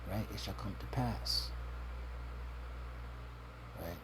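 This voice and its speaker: A man's voice: fairly low pitch, steady tone, measured pace, long pauses, background noise. A man teaching from scripture in a sermon, checking in with "right?" after each point and repeating words as he searches for them. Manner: tags points with a questioning "right?". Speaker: religious teacher.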